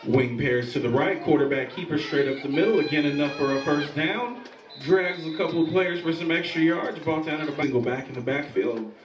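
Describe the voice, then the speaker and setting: A man giving calm, steady play-by-play of a youth football game from an outdoor field. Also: fairly high pitch, a little fast. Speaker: play-by-play commentator. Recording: echoey, distant, with loud crowd and noise. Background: crowd and field noise.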